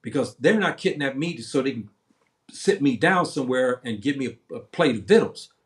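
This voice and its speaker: A man's voice: mid-range voice, animated, moderate pace. Man, 70s, livestream host; impassioned rambling monologue, repetitive, many restarts.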